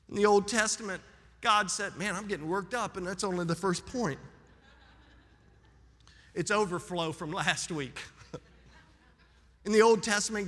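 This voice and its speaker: Man, pastor, fervent sermon, high pitch, long church reverb. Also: sharp tone. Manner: fervent preaching, banter with congregation. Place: church sanctuary.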